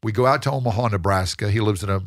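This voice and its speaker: A man, a guest in an interview, telling his story in a lively way and acting out the people he quotes. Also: on the low side, racing, no room sound, clean studio sound. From United States. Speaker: guest, real estate investor.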